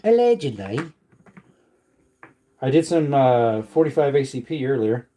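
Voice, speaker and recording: Working at his ammunition reloading, this livestream host speaks at a moderate pace in a warm, medium-pitched voice over slight background noise. He's chatty and joking, reads viewers' messages aloud, and slips into silly voices.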